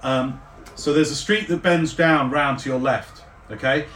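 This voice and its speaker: A man narrating as game master, describing the scene at length with frequent fillers and pauses. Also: on the high side, fairly bright tone, slight background noise. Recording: roomy, distant mic.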